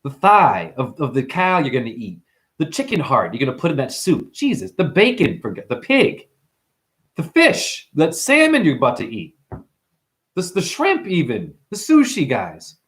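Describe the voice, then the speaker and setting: Male livestream host, high-pitched, profane, animated rant. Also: normal speed. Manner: profane, animated, mimics customers in high voices.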